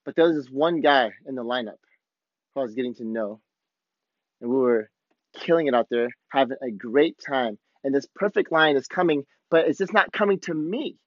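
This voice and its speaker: A male podcast host telling a surf story in excited, laid-back surfer talk. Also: mid-range voice, moderate pace, dry recording, muffled recording. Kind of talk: casual storytelling monologue.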